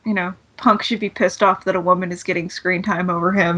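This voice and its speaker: Bright sarcastic woman co-host. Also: lowish voice, little pitch movement, fairly quick. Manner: blunt, sarcastic, swears freely. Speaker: podcast co-host. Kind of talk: casual chat recapping wrestling.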